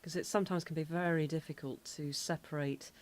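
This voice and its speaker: Measured low-voiced English woman. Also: fairly even intonation, a little mellow. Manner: measured, thoughtful. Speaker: podcast co-host. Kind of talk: casual chat.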